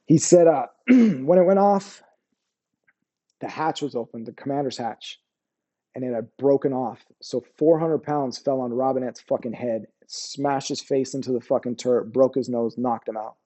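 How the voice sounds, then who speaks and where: Profane, halting veteran man with a mellow voice. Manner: profane, halting, restarts often, lowers voice on painful memories. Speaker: army veteran guest. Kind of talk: candid interview storytelling.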